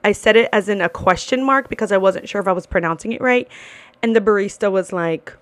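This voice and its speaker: A woman's voice: medium pitch, fairly quick, no room sound. Female podcast host, blunt and profane, ranting casually, mid-range voice, dry recording. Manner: blunt, swears freely, repeats for emphasis.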